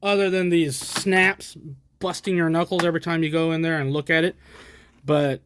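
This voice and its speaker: A man's voice: a little high, flat delivery, normal speed, fairly bright tone, a little hiss or hum. An American man from the States rambling casually as he shows off his vintage equipment, with chatty self-deprecating asides. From United States. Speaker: collector showing vintage gear. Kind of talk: casual show-and-tell. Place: indoors, at a camera stand.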